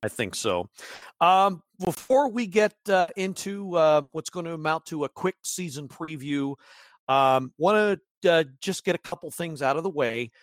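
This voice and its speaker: A man's voice: fairly high pitch, expressive, normal speed, dry recording. A man hosting a casual podcast, rambling with many restarts and chuckles. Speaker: podcast host.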